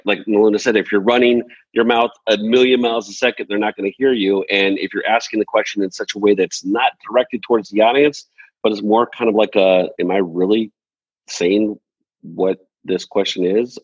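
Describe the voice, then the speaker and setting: This is a man with a very low, husky voice who hosts an interview in an earnest, stop-and-start way. The sound is dull and dry, like a lo-fi recording. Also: dry recording. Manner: earnest, many restarts. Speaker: podcast host. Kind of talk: casual interview.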